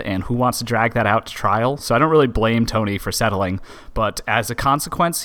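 A man co-hosting a podcast and running through the news in a blunt, offhand way, with casual swearing mixed in. His voice sits at an ordinary middle pitch. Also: a bit bright. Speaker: podcast co-host reading the news. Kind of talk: casual chat.

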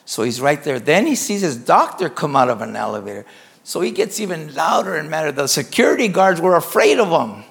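A pastor tells a story from the pulpit in a somewhat high, gravelly voice. He is animated and acts out each scene as he goes. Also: brisk. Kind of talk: sermon storytelling.

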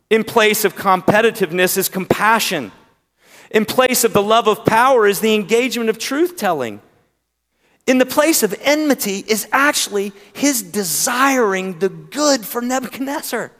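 A man with a Southern accent preaching a sermon, drawing out key words with pauses and swinging between loud emphasis and hushed tones. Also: sits high. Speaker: pastor. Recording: long hall reverb.

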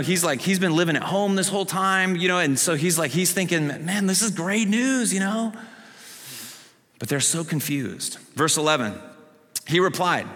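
A man preaching a sermon as a pastor, animated, acting out the story in character voices. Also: fairly high pitch. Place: church sanctuary. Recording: long hall reverb.

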